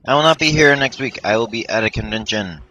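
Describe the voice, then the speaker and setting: Quick and pushed, with a bright mid-range male voice, this let's play commentator delivers casual, rambling commentary while playing a video game. He puts himself down and keeps restarting and using fillers. The audio is poor, with game music playing under him.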